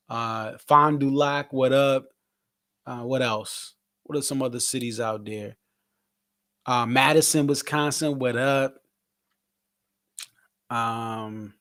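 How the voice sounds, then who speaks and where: A man from Connecticut hosting a casual post-show livestream, reading fan comments and giving loose, hyped shout-outs. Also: mid-range voice, gravelly, no room sound, studio quality. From Connecticut, USA. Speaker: livestream host.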